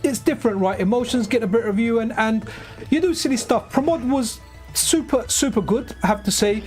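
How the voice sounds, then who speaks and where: High-voiced chatty male streamer. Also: a little mellow. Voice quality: light, high voice he calls feminine. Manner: rambling and chatty, keeps asking "right?". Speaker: game streamer. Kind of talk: casual live-stream chat while playing. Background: faint game music.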